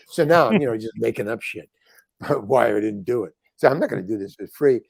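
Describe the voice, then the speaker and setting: An older man, a guest on an interview show, telling a long anecdote in an animated, rambling way and acting out the lines of the people in it. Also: medium pitch, a little fast, creaky, husky, dry recording. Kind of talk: storytelling anecdote.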